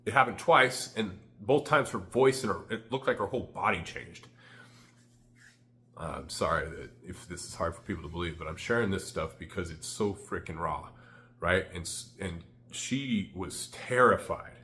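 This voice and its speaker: A man's voice: sits low, lively intonation, moderate pace, sharp tone. A man telling a candid, rambling personal story to the camera, full of "like" fillers. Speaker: vlogger.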